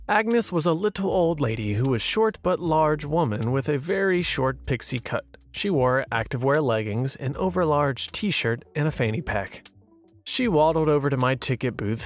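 Lively male storyteller narrating. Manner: expressive, sarcastic storytelling with lively pitch swings. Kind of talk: scripted narration of an online story.

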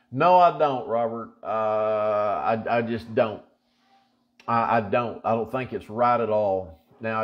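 A man's voice: medium pitch, muffled recording. A man, a pastor chatting casually and then reading Scripture with emphatic, folksy repetition. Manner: emphatic, folksy, repeats for stress. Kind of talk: casual chat and Bible reading.

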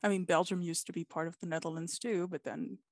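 Female podcast guest, gravelly edge, dry close sound, casual. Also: lowish voice, fairly even intonation, a little fast, darkish tone, no room sound.

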